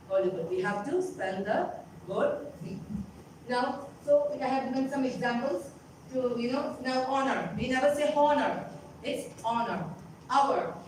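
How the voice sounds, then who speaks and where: Woman, high voice, speaking-skills teacher, instructive, echoey hall, far from the mic. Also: normal speed, darkish tone, a little hiss or hum. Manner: instructive, often checking in with "okay?" and "isn't it?". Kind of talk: live lesson to young students.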